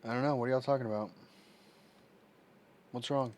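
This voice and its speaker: A man hosting a livestream, chatting casually with viewers and reacting slowly to their messages. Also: medium pitch, fairly even intonation, a little mellow, a little hiss or hum. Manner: slow, drawling, reacting to chat messages. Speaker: livestream host. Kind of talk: casual chat with live viewers.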